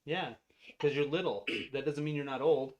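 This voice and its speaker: A man's voice: fairly high pitch, normal speed. A playful father streaming a game, tossing out teasing jokes and mock boasts in loose, casual chat. His talk stays light and joshing throughout. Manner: teasing, joking banter.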